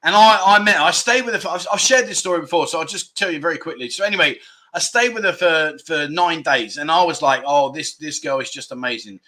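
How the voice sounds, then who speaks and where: A man's voice: a little high, quick pace, pushed and bright. A man from England hosting a casual livestream, rambling through self-deprecating banter and reading out viewer comments. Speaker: livestream host.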